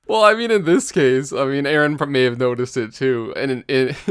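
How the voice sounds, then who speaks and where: On a podcast he co-hosts, a man rambles through casual gaming talk, leaning heavily on "like" as filler. His voice is mid-range, moderately paced, clear and resonant, with clean studio sound and no echo.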